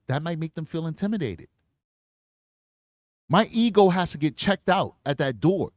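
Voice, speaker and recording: A man reacts to true crime footage in casual commentary, emphatic and quick to scold. His voice sits a little high. The recording is dry and close. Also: expressive, no room sound. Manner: emphatic, coaching, indignant.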